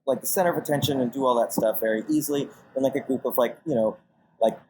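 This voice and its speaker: A man's voice: medium pitch, fast, darkish tone, slight background noise, low-quality recording. A man being interviewed as a guest on a podcast, talking casually and rambling with many fillers and restarts while acting out his own reactions. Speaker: podcast guest, casting director and manager.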